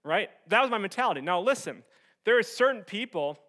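A young man preaching a sermon as pastor, telling a personal story with animated swings from loud excitement to soft earnest tones. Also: high voice, brisk.

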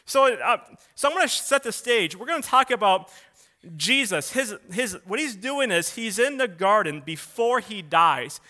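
Male pastor, high bright voice, casual storytelling sermon, lively on quoted lines. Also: normal speed. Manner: animated, acts out quotes in a raised voice; loose, conversational with restarts.

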